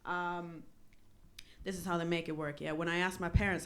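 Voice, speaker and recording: A woman performing stand-up in a small comedy club, chatting with the crowd in a self-deprecating way, often pausing on "um". English is not her first language. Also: on the low side, fairly bright tone, a little hiss or hum. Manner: self-deprecating, crowd work, many ums.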